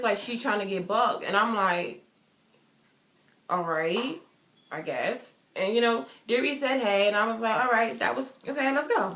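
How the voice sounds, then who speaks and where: A woman's voice: mid-range voice, fairly bright tone. Emphatic young woman vlogging in a roomy space. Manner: emphatic and repetitive, acting out quotes. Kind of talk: personal storytime vlog. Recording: roomy echo.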